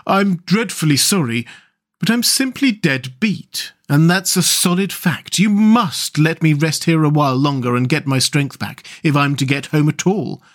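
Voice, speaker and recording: A man's voice: on the high side, moderate pace, close to an everyday voice. A man doing a feeble, frightened little mole. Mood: weary. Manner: feeble, trembling, apologetic. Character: timid small male mole, frightened and weary.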